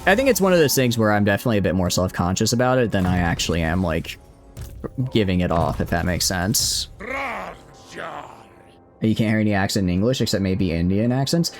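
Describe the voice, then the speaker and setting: A young man with a Southeastern US Southern accent talks casually on a stream while playing a strategy game. His voice sits a bit low, and he rambles, backs up and corrects himself as he answers chat. Faint game music plays underneath. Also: expressive, brisk, pauses often. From Southeastern United States.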